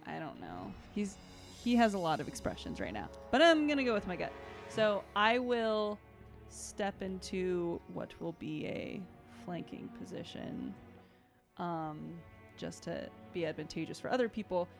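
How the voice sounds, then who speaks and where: Gravelly lady playing d&d, giggly, hesitant, voice swoops around a lot. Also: fairly low pitch, very animated, measured pace, faint music behind. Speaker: player. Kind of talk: casual tabletop game play.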